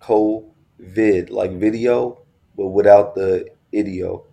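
A man's voice: deep voice, steady tone, moderate pace, gravelly, dark tone. A man co-hosting a casual podcast chat, telling stories animatedly and teasing his co-host, with loose profanity.

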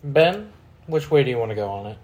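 A man hosting a casual podcast, telling stories in a profane, animated way. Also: medium pitch, brisk. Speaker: podcast host.

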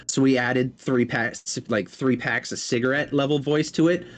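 A man with a New Brunswick Canadian accent talks with a guest on a podcast about his streams. He is laid-back and jokey, and he curses casually. His voice sits at an ordinary middle pitch. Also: normal speed, hardly any pauses.

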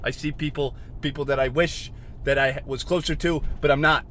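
A man hosting a solo podcast from inside a car, rambling and questioning himself, swinging from mutters to shouts. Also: medium pitch, steady tone, moderate pace. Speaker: podcast host.

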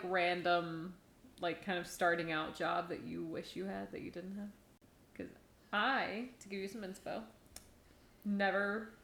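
A woman's voice: mid-range voice, fairly bright tone. A young woman in casual chat, outspoken and swearing as she reacts. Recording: echoey room, faint noise.

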